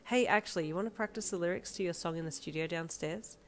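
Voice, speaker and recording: A woman's voice: lowish voice, fast talker, soft background music, lightly acted. A woman doing a bubbly, goofy young woman in love. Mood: excited. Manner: bright, excited and giggly.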